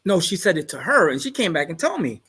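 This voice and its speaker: A man's voice: on the high side, very animated, quick pace, noisy background. Man guest, easygoing storyteller, boastful, chuckles at his own lines. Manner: laid-back, boastful, laughs at his own jokes. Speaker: guest on a live discussion show. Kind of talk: casual chat, storytelling.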